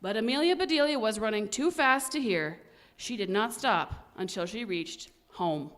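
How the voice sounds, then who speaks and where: A woman reading a children's story aloud at a church service, animated and expressive. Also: mid-range voice, moderate pace.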